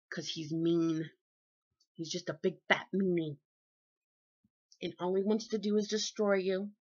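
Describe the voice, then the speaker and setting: A woman talking in a casual, sermon-like faith vlog, lively and folksy, her voice jumping high and low and loud and soft. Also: slightly rough. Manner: lively, folksy and preachy, with big swings in pitch and loudness. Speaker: vlogger. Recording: dull lo-fi recording.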